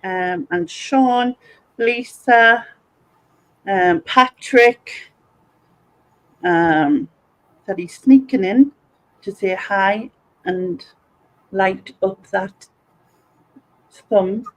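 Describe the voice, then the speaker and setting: A woman's voice: medium pitch, animated, drawn-out words, pauses often, rough recording. North east english woman, mackem accent, easygoing stream host reading chat. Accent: Sunderland (Mackem). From North East England. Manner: chatty, greets viewers and reads comments aloud. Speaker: livestream host. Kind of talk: casual livestream chat.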